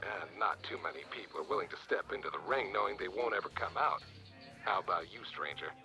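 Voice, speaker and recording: Smug ex-champ fighter, sharp tense voice, talks fast, faint music behind. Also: male voice, low-pitched. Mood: taunting. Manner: boastful, taunting. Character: cocky retired male champion duelist.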